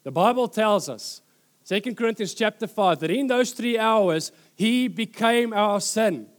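A man preaching a sermon, retelling scripture with dramatic pauses and repeated phrases. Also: high voice, lively intonation.

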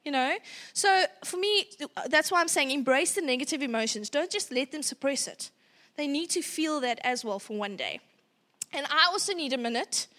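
A South African woman in her thirties shares parenting stories in a loose, chatty way, slipping into little acted-out bits of dialogue and laughing as she goes. Her voice sits high and sounds bright and forward. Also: normal speed. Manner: animated, laughing, acts out dialogue. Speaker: parenting educator. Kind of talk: casual storytelling talk.

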